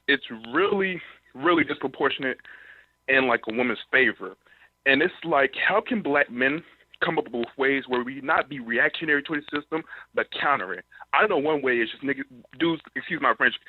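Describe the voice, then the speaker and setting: Hesitant caller on a phone line. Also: male voice, medium pitch, dry recording. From North Carolina, US. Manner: hesitant, full of fillers. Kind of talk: phone-in question.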